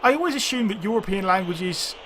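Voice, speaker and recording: A man's voice: sits high, animated, a little fast, a bit bright, a little hiss or hum. A man streaming a video game, chatting casually with viewers and thinking aloud in rambling, restarting sentences. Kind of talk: casual chat while gaming.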